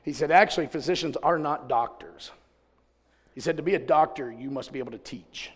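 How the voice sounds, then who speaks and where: A man preaching in a church service, with a somewhat high voice that rings out under a long hall reverb. He tells folksy stories to his congregation and swings between loud outbursts and low asides. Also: a little fast, husky. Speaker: pastor. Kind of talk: sermon.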